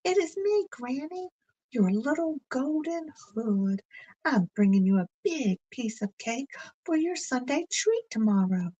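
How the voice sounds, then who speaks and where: A woman's voice: high voice, big pitch swings, measured pace, dark tone, highs cut off, voice pushed up, heavily acted. A woman voicing a sweet, innocent little girl in a red hood, with an eager, sing-song manner.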